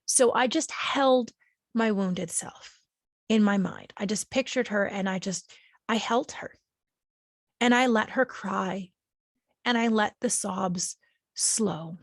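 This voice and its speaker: A woman hosting a podcast, talking gently and with emotion about her own healing, sometimes slowing to soothing, drawn-out phrases. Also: mid-range voice, vocal fry, no echo. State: emotional, near tears. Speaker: podcast host. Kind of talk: reflective personal talk on healing.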